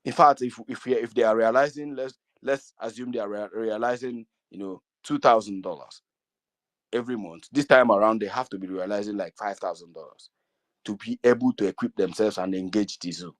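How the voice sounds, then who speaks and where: A middle-aged Igbo man with a Nigerian accent addresses an online gathering. His voice sits low and the sound is dry and close. He talks earnestly, repeats himself and pleads with his audience. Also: fairly quick, no echo. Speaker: community speaker. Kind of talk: speaking to an online meeting.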